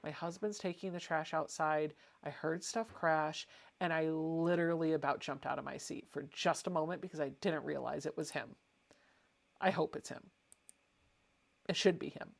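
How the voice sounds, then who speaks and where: A woman's voice: sits low, steady tone, normal speed, creaky. A woman hosting a casual home livestream, chatting and reading viewer comments aloud. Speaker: livestream host.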